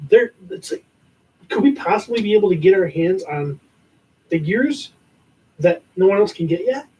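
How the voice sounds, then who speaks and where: A podcast co-host in casual, excitable conversation. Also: medium pitch, moderate pace, poor audio. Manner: excitable, emotional, chatty. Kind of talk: casual chat.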